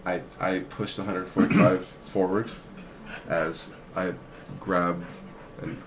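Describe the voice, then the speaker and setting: A man's voice: low-pitched, little pitch movement, slow, slight background noise. A man playing a tabletop role-playing game, often stumbling over his words and laughing. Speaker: player.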